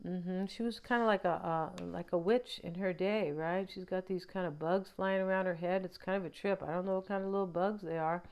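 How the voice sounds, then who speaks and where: A woman's voice: lowish voice, steady tone, fairly quick, hardly any pauses, a little mellow, clean tone. A woman giving a casual tarot card reading. She talks in a rambling, chatty way, drifting into asides and often tagging her thoughts with a questioning "right?". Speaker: tarot reader.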